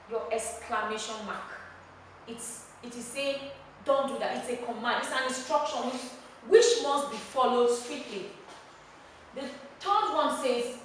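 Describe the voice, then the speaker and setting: A woman teacher with a Nigerian accent gives a classroom lesson in a fairly high voice. She speaks emphatically and repeats key words to drill them in. She is heard from some distance in a strongly echoing room with faint noise behind. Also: pushed and bright. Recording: echoey room, mic far off.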